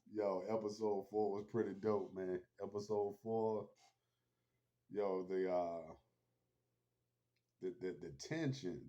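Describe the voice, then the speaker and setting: A man's voice: on the low side, fairly even intonation, slow, pauses often, warm tone, muffled recording. A man hosting his own channel, recapping a TV episode in a laid-back, slangy, rambling way. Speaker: host.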